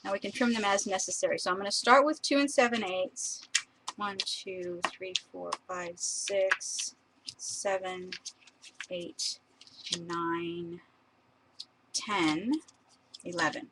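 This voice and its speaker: A woman's voice: fairly low pitch, slow, long pauses, background noise. A woman chatting casually as she shows craft papers on a live stream, laughing often and admiring each sheet.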